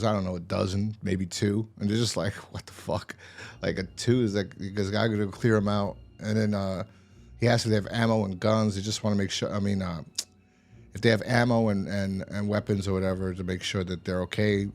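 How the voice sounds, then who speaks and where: Here a show reviewer talks a little fast in a fairly low, steady, slightly mellow voice. His take on the TV episode is loose and rambling, full of profanity, with quoted lines performed as he walks through the scenes.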